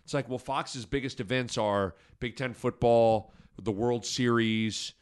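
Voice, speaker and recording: A man's voice: medium pitch, fairly even intonation, unhurried, smooth. Rambling man in sports chat. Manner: rambling, filler-heavy, restarts often. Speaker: sports podcast co-host.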